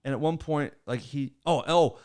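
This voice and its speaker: A man co-hosting a podcast chats casually, teasing his co-hosts, swearing freely and telling energetic stories. His voice is fairly high and a little mellow, at a normal speed.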